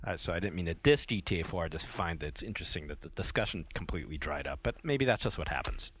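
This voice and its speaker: A man co-hosting a casual podcast, telling stories in an animated way and chuckling often. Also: low-pitched, fast, background noise. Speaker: podcast co-host.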